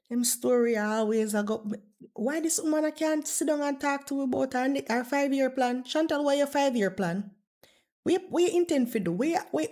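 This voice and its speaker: A woman's voice: high voice, animated, moderate pace, darkish tone. A woman doing blunt, mocking reaction commentary and swearing freely.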